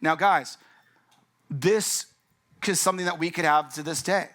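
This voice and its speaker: A man preaching in a loose, chatty way, cracking jokes between points. His voice sits a little high and comes across bright and forceful. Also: a little slow. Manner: joking and conversational, acts out characters' lines. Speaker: pastor. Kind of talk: casual conversational sermon.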